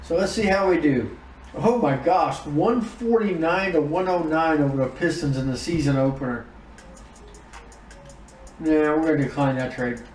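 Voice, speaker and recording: A man giving casual commentary on his own game season, reacting out loud to each win and loss. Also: fairly high pitch, normal speed, echoey room, far from the mic, a little hiss or hum, low-quality recording. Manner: emotive, groans and exclaims over results. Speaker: gaming YouTuber.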